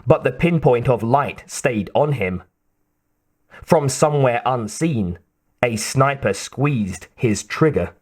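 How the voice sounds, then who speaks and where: A man reading an audiobook in a slow, measured narration. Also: mid-range voice, lively intonation, darkish tone.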